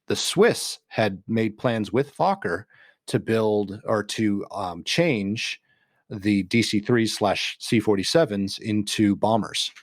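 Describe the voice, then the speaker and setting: A man's voice: lowish voice, slow pace, no echo, studio quality. A man co-hosting a podcast, chatting casually and telling stories with fillers and restarts. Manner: relaxed storytelling with fillers and restarts. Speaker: podcast co-host. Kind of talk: casual chat.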